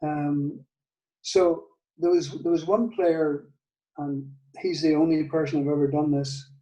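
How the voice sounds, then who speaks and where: An older Northern Irish man, a guitar maker appearing as a guest, tells a story in a casual interview. His mellow voice is slightly higher than most men's, with little pitch movement and a somewhat slow, hesitant delivery full of restarts and soft laughs. He was recorded a bit far from the mic in an echoey room, and the highs are cut off.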